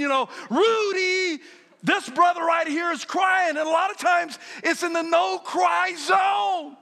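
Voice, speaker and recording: A man in his fifties preaching a lively sermon as a pastor, telling stories and often shouting with laughter. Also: very high-pitched, vocal fry. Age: 50s. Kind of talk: energetic sermon.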